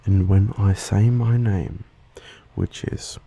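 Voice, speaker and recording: A man with an Australian accent giving a soft-spoken, slow ASMR lesson and sometimes slipping into a whisper. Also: lowish voice, fairly even intonation, rough recording. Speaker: ASMR host teaching accents.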